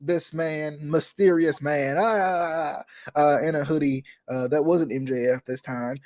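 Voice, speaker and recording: Rambling, slightly high-voiced male host. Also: normal speed. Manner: rambling, self-correcting, excitable. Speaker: podcast host. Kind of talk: casual chat.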